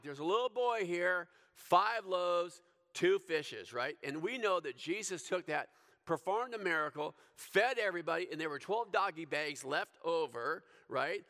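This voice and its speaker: A man preaching in a loose, chatty way, peppering his talk with asides. His voice sits a little high for a man. A long reverb trails behind each phrase, as in a large hall. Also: expressive, normal speed, pushed and bright. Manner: casual, conversational, full of "like" and "right?". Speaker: pastor. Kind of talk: sermon.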